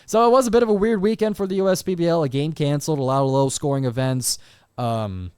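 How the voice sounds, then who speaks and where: A young man hosts a solo sports podcast into a close mic. His voice sits high, and the room sounds dead dry. He moves from game recaps into an animated, exasperated rant full of quick asides. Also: smooth, no echo. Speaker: podcast host.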